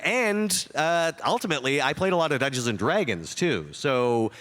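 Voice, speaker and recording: A man speaking as a guest on a convention panel, chatty and anecdotal, with quick asides. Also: a little high, very animated, a bit bright.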